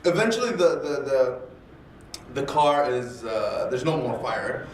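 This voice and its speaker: A man telling a story casually and animatedly, acting out the dialogue and repeating words when excited. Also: mid-range voice, measured pace, a little hiss or hum. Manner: animated, acts out dialogue in voices. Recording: echoey room, distant mic, faint ambience.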